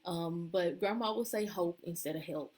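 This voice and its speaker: A woman life coach giving a casual live-stream pep talk from home, with many ums and pauses. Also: fairly low pitch. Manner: warm-hearted, loose, with many ums and uhs. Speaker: leadership and empowerment coach. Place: at home at a table with children nearby.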